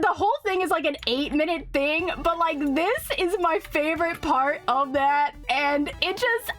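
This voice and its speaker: A woman streamer chatting casually on a live stream, excitable and laughing often. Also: high voice.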